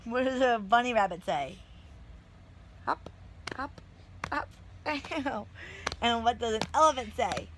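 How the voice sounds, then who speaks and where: A woman with a somewhat high voice, talking to her toddler in a home video. She coaxes him along with one playful question after another in a sing-song tone. A faint hum of noise runs underneath. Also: lively intonation, normal speed. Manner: coaxing sing-song questions to a small child. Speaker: mother.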